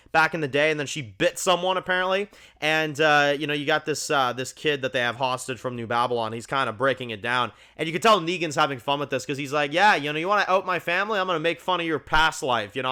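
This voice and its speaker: Hosting his review channel with a fairly high, sharp, clean-toned voice, a man gives a loose, excited spoken breakdown of a TV episode, heavy on "like" and "you know."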